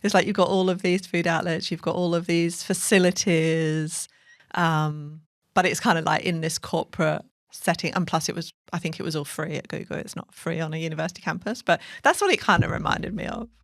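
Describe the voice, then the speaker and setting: A woman with a fairly low voice co-hosts a podcast in a dry, close sound. She chats in an easy, agreeable way, with lots of yeahs and you-knows. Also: steady tone, brisk, no room sound. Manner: agreeable, many fillers and yeahs. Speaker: podcast co-host. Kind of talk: casual chat.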